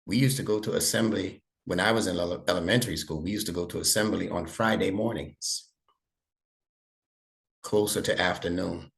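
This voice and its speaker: A man's voice: low voice, moderate pace, creaky. A middle-aged man tutoring a young student one-on-one, explaining patiently step by step and checking that he is understood. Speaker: Arabic instructor and imam.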